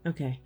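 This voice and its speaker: A woman hosting a podcast, speaking softly and reflectively, with frequent hums and sighs as she channels a spirit. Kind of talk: casual podcast talk.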